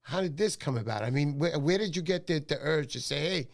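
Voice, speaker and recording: A man hosts a casual fishing livestream with a slightly high, gravelly voice. He rambles through stories, acting out the other people's lines as he goes. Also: lively intonation, fairly quick. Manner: storytelling, acts out quoted voices, rambling. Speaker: livestream host. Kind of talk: casual chat.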